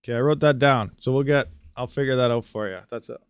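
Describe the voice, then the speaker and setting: A man's voice: mid-range voice, fast, clear, resonant tone, no room sound. A man hosting a casual live-stream Q&A on crypto mining, reading chat questions aloud and rambling with frequent "you know"s.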